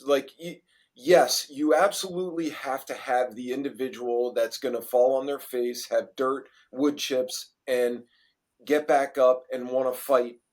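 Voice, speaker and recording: A man hosting a podcast who is also a coach, talking thoughtfully in a casual interview with many halting restarts. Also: medium pitch, fairly even intonation, a little mellow.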